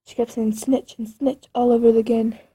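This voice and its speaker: Woman storyteller, high and husky, slow rambling spooky tale. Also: little pitch movement, mellow. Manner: rambling, dramatic with creepy asides.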